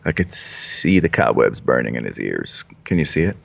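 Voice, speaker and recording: A man's voice: extremely low pitch, sing-song, moderate pace, gravelly, a bit bright, lo-fi sound. A man hosting a casual live trading stream, joking and rambling with frequent restarts. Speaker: stock trading livestream host. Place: Florida home trading room.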